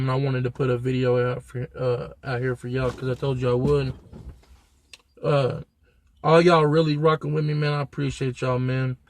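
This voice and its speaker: A man's voice: medium pitch, dry recording. A young man telling a story to his viewers in a blunt, profane, slang-heavy way. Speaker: vlogger. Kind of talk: casual storytelling to camera.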